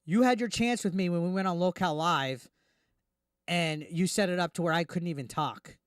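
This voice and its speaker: A man hosting a reaction commentary, ranting indignantly and quickly, tripping over restarts as he talks. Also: high-pitched, smooth, no room sound, studio quality. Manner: heated, indignant, fast with repeated restarts. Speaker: YouTube commentary host.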